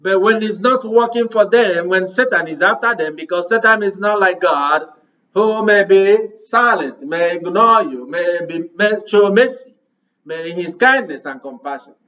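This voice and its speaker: A man's voice: high-pitched, lively intonation, moderate pace, pushed and bright, far from the mic, lo-fi sound. A man preaching a sermon, pressing his listeners with repeated rhetorical questions.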